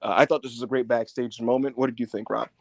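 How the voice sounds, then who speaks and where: A man's voice: medium pitch, fast talker, vocal fry, no room sound. A man co-hosting a casual wrestling review podcast, retelling scenes with acted-out quotes and lots of profanity. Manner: animated storytelling with acted-out quotes. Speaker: podcast co-host.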